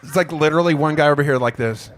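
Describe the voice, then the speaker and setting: A man's voice: fairly high pitch, racing, a little hiss or hum. A man who is a singer-songwriter, joking around between lines of a song on a venue stage, profane and self-mocking. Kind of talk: live concert banter and singing. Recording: live band playing behind.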